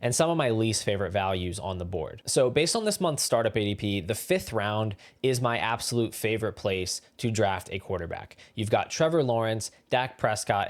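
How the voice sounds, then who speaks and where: A man hosting his fantasy football channel, talking through draft advice in steady, explanatory scripted commentary. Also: fairly low pitch.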